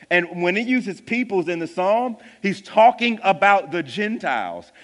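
A man preaching a sermon as pastor, building to loud emphatic peaks and then dropping quiet. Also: a little high. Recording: long church hall reverb.

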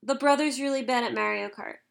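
A woman co-hosting a casual chat about anime, bubbly, excitable and quick to giggle. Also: on the high side, creaky, crowd noise.

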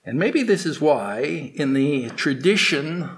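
A man giving a morning spiritual talk, telling a fable in a slow, halting way with restarts. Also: fairly high pitch, animated. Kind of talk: sermon with storytelling.

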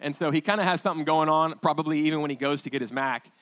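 Chatty storytelling pastor, higher voice. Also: male voice, a bit bright. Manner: chatty, halting, with frequent restarts and quoted dialogue. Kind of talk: conversational sermon storytelling.

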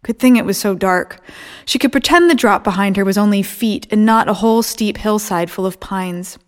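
A woman narrating fiction at a steady, measured pace, her voice sitting at an ordinary middle pitch. The reading is even and composed, in the manner of an audiobook.

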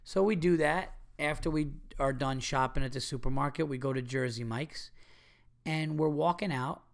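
A middle-aged man hosts a talk show alone, telling everyday stories in a loose, casual way. His voice sits a little high for a man, and he breaks into heated, swearing rants. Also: normal speed, vocal fry. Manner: animated storytelling, rants with heavy swearing. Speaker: podcast host. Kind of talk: casual monologue.

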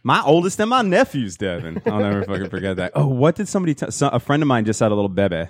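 A man's voice: mid-range voice, sing-song, fast, dry recording. Man, podcast co-host, sarcastic, profane, casual banter, dry close sound.

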